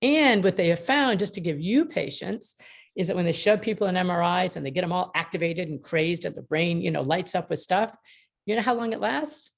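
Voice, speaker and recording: A woman with a low, gravelly voice speaks on a video call. She teaches with emphatic humor, slipping into little acted-out exchanges to make her points land. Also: lively intonation, brisk. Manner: emphatic, humorous, acts out dialogue. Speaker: mediator and author being interviewed. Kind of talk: lively teaching talk with anecdotes.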